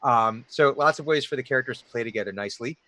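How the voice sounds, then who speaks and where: A man who is the game master, talking through a session recap in a halting way with many ums and restarts. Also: medium pitch, bright, forceful tone, no room sound. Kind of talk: post-session recap chat.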